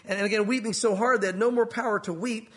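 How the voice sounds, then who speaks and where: Man, pastor, high voice, earnest sermon, acts out story figures. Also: fairly even intonation, quick pace, fairly bright tone.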